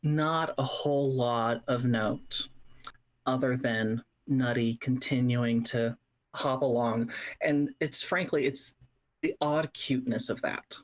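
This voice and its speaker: A tabletop game master who narrates at an unhurried, measured pace. The descriptions unfold slowly, with pauses between phrases as the scene is built up. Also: medium pitch, fairly even intonation.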